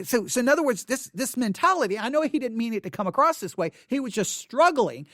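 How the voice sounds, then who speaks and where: Man, high voice, casual commentary, emphatic, restarts phrases. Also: fairly bright tone, dry recording, clean studio sound. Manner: emphatic, restarts words often.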